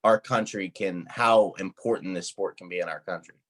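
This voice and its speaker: A man's voice: sits low, moderate pace, a bit bright. A young man in college co-hosting a casual sports podcast, telling rambling anecdotes and laughing often. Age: young adult. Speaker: podcast co-host.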